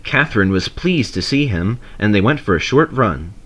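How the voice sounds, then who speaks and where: A man reading a railway storybook aloud in a measured, expressive narration. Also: lowish voice.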